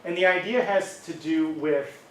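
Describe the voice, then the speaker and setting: A middle-aged man gives an academic linguistics talk in a university lecture room, explaining things casually and conversationally with lots of fillers and check-ins like "right?". His voice is a little high and measured in pace, captured by a distant mic in an echoey room with a little hiss or hum.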